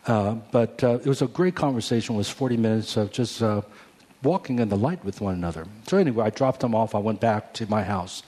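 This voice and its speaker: Pastor in his 40s, sermon testimony; warm low voice with a husky edge, earnest, restarts often. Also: brisk. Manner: earnest storytelling with many restarts.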